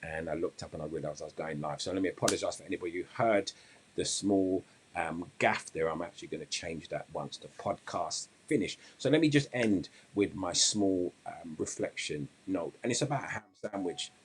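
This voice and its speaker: A man's voice: deep voice, expressive, a little fast, slight background noise. A man hosting a weight-loss coaching podcast, talking casually and rambling, with restarts before an earnest moral point. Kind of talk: casual live-stream talk and storytelling.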